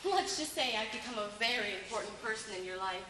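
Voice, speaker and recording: A woman's voice: fairly high pitch, lively intonation, fast, natural voice. A woman playing a sly, scheming blackmailer who taunts the couple, acting on a stage. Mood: taunting. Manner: taunting, teasing. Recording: echoey theater, distant mic, faint noise.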